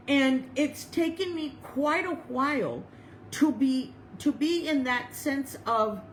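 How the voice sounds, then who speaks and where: Slow, high-voiced woman preacher. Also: a little hiss or hum, low-quality recording. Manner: reads slowly and deliberately, then chats with fillers and restarts. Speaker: chaplain and reverend. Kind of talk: informal sermon with reading and personal story.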